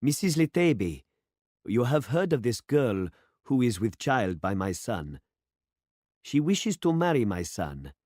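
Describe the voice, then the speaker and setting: A man voicing a grave, elderly village pastor in a story read aloud, speaking slowly and formally. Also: mid-range voice, big pitch swings, a little mellow, dry recording, clean studio sound, pitched above the performer's own voice. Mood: solemn. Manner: slow, solemn and formal.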